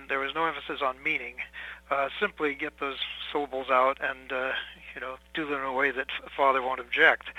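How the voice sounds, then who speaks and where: A man in his seventies, a priest, answering interview questions in a measured, thoughtful way with many pauses and fillers. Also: mid-range voice, pushed and bright, no room sound, poor audio. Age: 70s.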